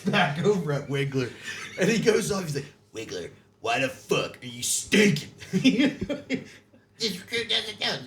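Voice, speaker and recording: A man, a former Marine, telling raunchy boot camp stories on a podcast, swearing freely, laughing often and acting out the voices in his quotes. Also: medium pitch. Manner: profane, laughing, acts out quotes. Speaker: podcast guest. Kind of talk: casual storytelling.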